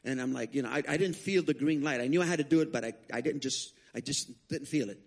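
A man preaching as a guest speaker, telling his testimony as an animated story with frequent restarts. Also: medium pitch, fast talker. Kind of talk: sermon testimony.

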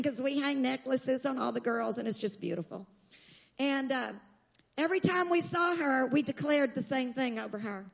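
A woman preacher telling a story in a sermon, emphatic and slowing down to stress key lines, calling on the audience to respond. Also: high-pitched, gravelly. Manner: urges the audience to respond aloud.

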